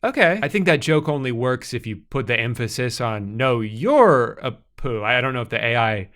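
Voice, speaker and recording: A man's voice: medium pitch, a little fast, a bit bright. A young man delivering scripted comedic commentary with sarcastic, exasperated asides.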